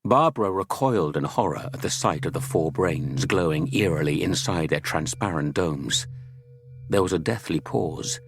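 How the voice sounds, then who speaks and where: A man narrating an audiobook in a steady, dramatic storytelling manner, close to a studio mic. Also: low voice, normal speed, slightly rough.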